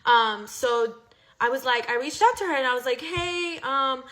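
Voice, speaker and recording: A woman's voice: on the high side, expressive, a little fast, a bit bright. A young woman casually telling a personal story, chatty and profane, with lots of "like.". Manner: chatty, profane, heavy use of "like".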